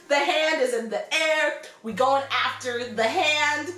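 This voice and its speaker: A young woman vlogger telling a story casually and animatedly, acting out quotes in high squeals. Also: lively intonation, measured pace, hardly any pauses, a bit bright, soft background music. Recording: echoey room.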